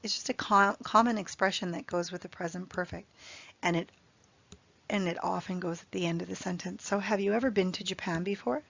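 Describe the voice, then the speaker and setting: Woman teacher explaining grammar slowly. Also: on the low side, steady tone, a bit bright, dull audio. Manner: clear, deliberate teaching delivery with spoken example sentences. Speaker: English teacher. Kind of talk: grammar lesson over slides.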